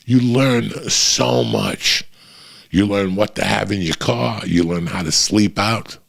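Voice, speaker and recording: A middle-aged man, a comedian, telling profane, animated road stories in a casual chat. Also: on the low side, slow, vocal fry. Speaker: comedian guest. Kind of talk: storytelling chat.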